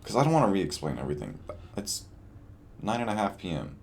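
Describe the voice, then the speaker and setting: A young man with a very low, deep voice chats through a late-night video diary. He sounds tired and rambles, often trailing off with a shrug in his voice. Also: big pitch swings, fairly quick, gravelly, a little mellow, slight background noise. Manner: rambling, self-deprecating, trails off. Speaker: vlogger.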